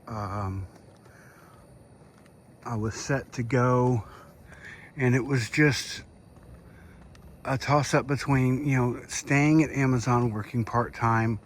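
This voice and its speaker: A man's voice: mid-range voice, slow, pauses often, slight background noise. A middle-aged man with the hiccups, giving a rambling, hesitant update to his viewers while walking outdoors at night. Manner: rambling, hesitant, with many fillers. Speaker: vlogger. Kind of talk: casual walk-and-talk update.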